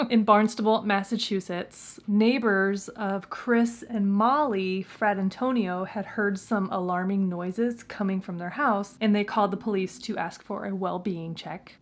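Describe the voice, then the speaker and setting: Woman true crime host, casual storyteller, playful and jokey. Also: medium pitch. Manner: playful, chatty, jokey asides.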